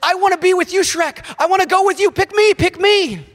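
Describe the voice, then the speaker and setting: A man putting on the voice of an excitable, eager talking male donkey, pleading to be picked. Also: brisk, big-room sound. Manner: pleading, eager, high-pitched.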